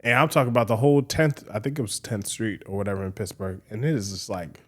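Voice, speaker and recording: A man's voice: on the low side, fast, a bit bright. A young man, a guest DJ, tells a story in a casual interview, rambling and filling his talk with "like" and "you know".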